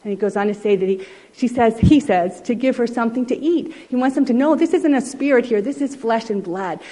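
A woman preacher giving a sermon as a story, gentle and often dropping to a soft hush. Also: fairly high pitch, a little fast, poor audio.

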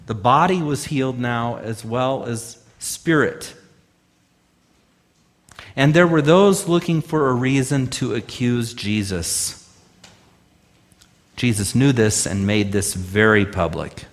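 A man delivering a sermon from the pulpit with an average-pitched voice. He preaches emphatically, posing rhetorical questions to his listeners and stretching key phrases out slowly for weight. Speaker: pastor.

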